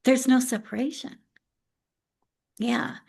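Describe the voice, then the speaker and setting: A middle-aged woman speaks as a guest in a casual interview. Her voice sits a little high, and she tells her stories with lively energy, slipping into the voices of the people she quotes and laughing between lines. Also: slow pace, creaky, husky. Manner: animated storyteller, acts out quoted speech, laughs often. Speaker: autism integration specialist, interview guest.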